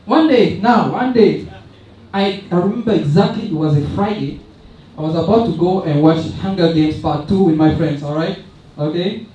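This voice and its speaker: A man's voice: sits high, normal speed, mellow, slight background noise. A young man doing a stand-up comedy set, chatty and self-mocking, telling loose stories with many asides. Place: large event hall with audience. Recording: echoey hall recorded from far off.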